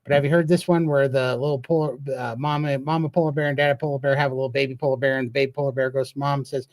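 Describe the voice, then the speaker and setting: A man from Montana, USA, hosts a live Q&A chat, speaking earnestly and emphatically with a storytelling streak. His mid-range, darkish voice moves little in pitch, comes out rapid-fire, and has no room sound.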